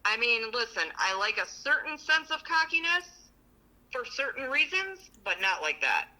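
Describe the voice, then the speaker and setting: Co-host, woman, bright edgy tone, blunt and profane, animated storyteller. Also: fairly high pitch, moderate pace, poor audio. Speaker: podcast co-host. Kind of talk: casual chat.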